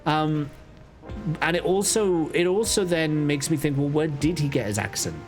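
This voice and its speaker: A man from Liverpool with a softened Liverpool accent, thinking aloud with restarts while streaming a game. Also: on the high side, moderate pace. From Liverpool, England. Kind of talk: casual live-stream commentary. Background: faint game music.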